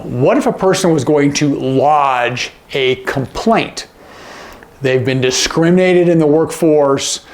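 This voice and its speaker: A man's voice: a little high, gravelly. A man teaching sign language in a casual, demonstrative way, often checking in with "okay?" as he explains. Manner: demonstrative, asks frequent check-in questions.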